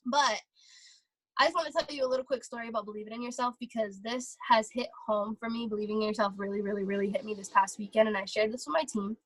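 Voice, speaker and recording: A young woman talking casually and excitedly on a motivational vlog, full of fillers. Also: on the high side, fast talker, no echo, low-quality recording. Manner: chatty, filler-heavy, excitable. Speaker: vlogger.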